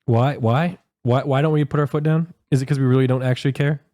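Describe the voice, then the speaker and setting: A man's voice: mid-range voice, fairly even intonation, fast talker, warm tone. A man as guest on a stream, chatting casually with short reactions and questions. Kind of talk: casual chat.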